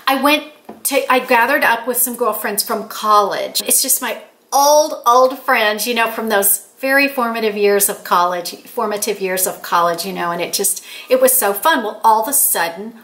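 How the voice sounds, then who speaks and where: An older woman talks straight to her viewers, spinning a chatty, excited story and slipping into the voices of the people she quotes. Her voice is bright and clear and sits a little high. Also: moderate pace. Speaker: author and channel host. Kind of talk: casual storytelling to camera.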